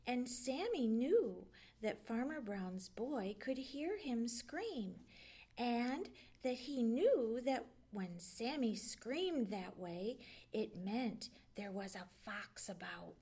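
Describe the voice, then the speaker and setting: A woman librarian reading a children's bedtime story aloud, expressive with dips into a hush. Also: a little high, slow, breathy edge.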